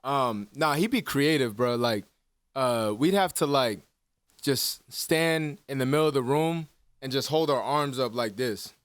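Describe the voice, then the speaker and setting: A podcast co-host in his twenties tells stories in a casual chat, animated, laughing a lot and swearing freely. His medium-pitched voice moves a little slowly, and the tone is clean with no echo.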